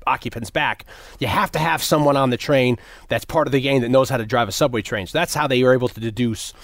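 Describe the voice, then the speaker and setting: With a quick pace and medium pitch, a man in casual talk about a film goes through its scenes in order, acting out the characters' dialogue. Profanity flows freely, and he frequently backs up to restart sentences. There's no room sound.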